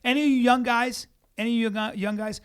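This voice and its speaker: A man co-hosting a podcast in casual chat, talking in an excitable, emphatic way. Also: very high voice, quick pace, clear, resonant tone. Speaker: podcast co-host, comedian.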